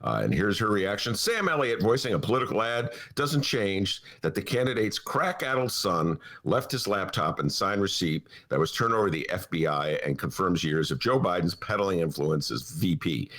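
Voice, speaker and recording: Gravelly low-voiced man hosting a talk show. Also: normal speed, hardly any pauses. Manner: wry, animated, full of asides. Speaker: podcast host. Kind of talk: casual political talk. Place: radio studio.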